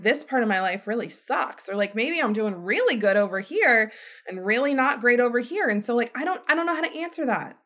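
A woman hosting a podcast as a healthcare provider, talking in a chatty, emphatic way and acting out quoted voices with big jumps in pitch. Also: a bit bright. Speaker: podcast host. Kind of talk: casual podcast monologue.

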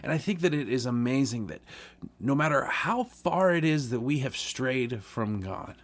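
A man's voice: mid-range voice, lively intonation, moderate pace. A man reading a Bible parable aloud, then speaking earnestly about it in a conversational devotional podcast sermon, with frequent restarts. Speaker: podcast preacher.

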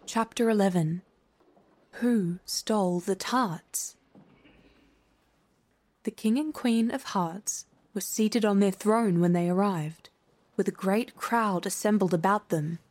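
Woman storybook narrator, measured and clear, mid-pitched. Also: a little mellow. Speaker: audiobook narrator. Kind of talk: storybook reading.

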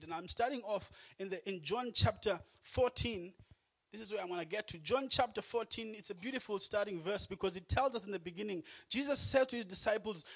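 A man preaching a sermon into a microphone, speaking earnestly and building to loud, emphatic passages. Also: high-pitched, breathy edge. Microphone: microphone on a church sound system.

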